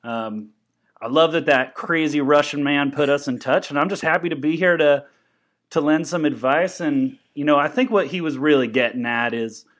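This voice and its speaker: An actor playing a folksy, boastful customer-support mogul with a Texan accent, guesting on a comedy podcast. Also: male voice, a little high, moderate pace, fairly bright tone, close to an everyday voice. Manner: folksy, drawling, full of catchphrases.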